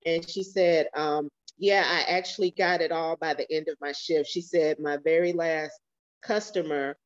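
A woman's voice: sits low, fairly even intonation, moderate pace. Woman telling a story over dull call audio. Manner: storytelling, acts out quoted voices, many fillers. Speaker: church member sharing a testimony. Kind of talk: casual testimony on a video call. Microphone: video call.

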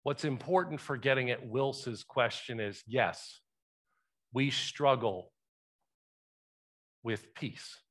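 A man's voice: medium pitch, takes it slowly, pauses often. A male pastor preaching a sermon in a church, talking conversationally and asking the congregation questions. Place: church sanctuary.

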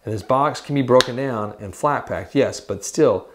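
A man chatting casually as co-host in a guitar shop, with an ordinary middle pitch. He talks in a jokey, rambling way and keeps slipping into sung bits and mock accents. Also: moderate pace, background noise. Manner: playful, jokey, breaks into sung bits and silly voices. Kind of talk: casual chat. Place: guitar shop in an old bowling alley.

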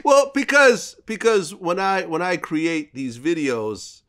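A man hosting a casual interview, asking questions in an upbeat, animated way. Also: high voice, slow pace. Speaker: interviewer, host.

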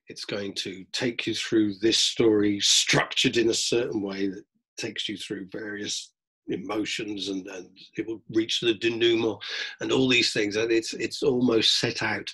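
Male drama teacher with a London accent, low husky voice, discursive lecturing, repeats himself as he thinks. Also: a bit bright, poor audio. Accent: London English. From England. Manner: discursive, repeats words while thinking, acts out theatregoers in mock voices. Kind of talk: explanatory lecture.

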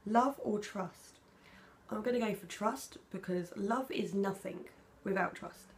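British woman with a gravelly, creaky voice. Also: mid-range voice, unhurried. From Britain. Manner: chatty, candid, soft-spoken when emotional. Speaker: vlogger. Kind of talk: casual tag video, reading questions aloud.

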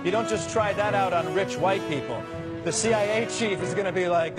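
A man's voice: high-pitched, fairly quick. A man hosting a comedy show, delivering a sardonic, joking monologue. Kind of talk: stand-up style monologue. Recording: loud studio audience and music behind.

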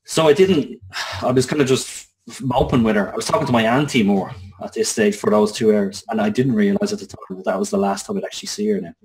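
Man, Irish accent, thirties, lowish voice, earnest storytelling, conversational, occasional swearing. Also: fast, a little mellow, poor audio. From Ireland. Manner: earnest, conversational, swearing, with frequent restarts and fillers. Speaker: interview guest. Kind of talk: personal storytelling in an interview.

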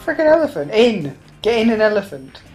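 A woman talks over a co-op game, her voice swinging widely in pitch as she yelps and laughs. She swears mildly and chatters nonstop, with faint game music underneath. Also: very animated, fairly quick, a little mellow, rough recording. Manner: exclaiming, laughing, mild cursing. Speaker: let's play host. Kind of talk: casual co-op gameplay chat.

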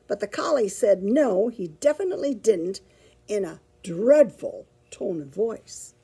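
A woman librarian reading a picture book aloud to children, with expressive, animated storytelling. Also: medium pitch, unhurried, husky.

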